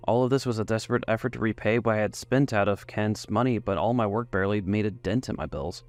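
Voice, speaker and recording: A man's voice: on the low side, steady tone, fast talker, faint music behind. Man reading a romance story. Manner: first-person, emotive reading. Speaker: narrator. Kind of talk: scripted story narration.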